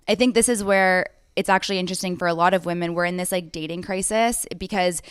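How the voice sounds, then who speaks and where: A young woman podcast host tells her story effusively, scattering "like" as she goes. Her voice sits a little low and comes across smooth and clear. It is recorded dry and close, with no room sound. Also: fairly even intonation, no echo. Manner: effusive, storytelling, quick asides with "like". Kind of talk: casual podcast conversation.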